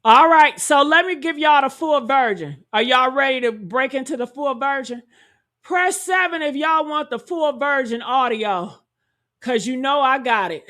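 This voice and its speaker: A woman giving heated, profane reaction commentary, talking loudly and indignantly and calling out to her viewers. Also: high voice, moderate pace. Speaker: commentary streamer.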